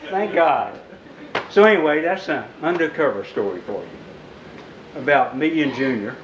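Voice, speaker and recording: A man's voice: on the high side, dull audio. Guy telling a story to a crowd at a book event, big echoey room, faint hum behind. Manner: vivid storyteller who acts out shouted lines. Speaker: author at a book talk. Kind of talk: live storytelling to an audience.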